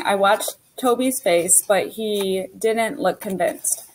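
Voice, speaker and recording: A woman's voice: medium pitch, creaky, slight background noise, rough recording. Woman reading a kids' novel aloud. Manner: plain, unhurried reading with small stumbles and self-corrections. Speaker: reader of a children's novel.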